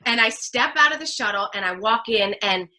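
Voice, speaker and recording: A woman from New Jersey tells her story as a guest in an interview. Her voice is bright and sits a little high. She talks with animated energy and slips into the voices of the people she quotes. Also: a little fast. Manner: lively, acts out quoted voices. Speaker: guest, actress and speaker.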